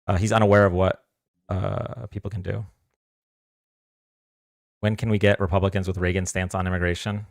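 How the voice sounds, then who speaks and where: A man's voice: low-pitched, level tone, normal speed, vocal fry, pauses often, no echo, studio quality. Hesitant man hosting a live stream. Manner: hesitant, many fillers and restarts. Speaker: debate stream host. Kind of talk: casual live-stream talk.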